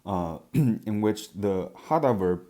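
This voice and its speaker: A man with a very low, deep voice walks through a language lesson at his own unhurried rhythm. He hesitates often, with fillers and an occasional cleared throat, as he explains each point. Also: expressive, dark tone. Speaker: language teacher.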